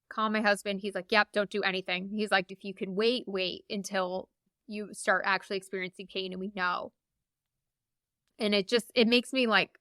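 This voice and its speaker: Woman guest, 30s, lively storyteller doing little voices, crisp bright tone. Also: mid-range voice, no room sound, clean studio sound. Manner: animated, acts out quoted voices. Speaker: podcast guest, memoir author. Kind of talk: casual storytelling.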